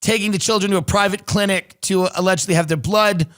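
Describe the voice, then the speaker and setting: A man hosting a podcast, rambling through sardonic comedic commentary with halting restarts. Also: high voice, fairly even intonation, fairly bright tone. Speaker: podcast host.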